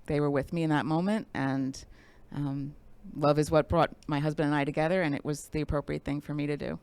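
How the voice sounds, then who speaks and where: Woman, talk show guest, low pitch, smooth resonant voice, soft-spoken, halting, many fillers. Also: flat delivery, no room sound. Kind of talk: casual interview.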